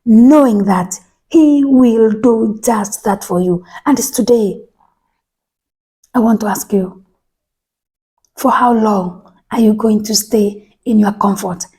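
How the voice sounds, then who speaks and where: A woman preaching a sermon, speaking emphatically, repeating phrases and restarting words, and sometimes dropping to a soft whisper. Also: fairly high pitch, takes it slowly, pauses often, slightly rough.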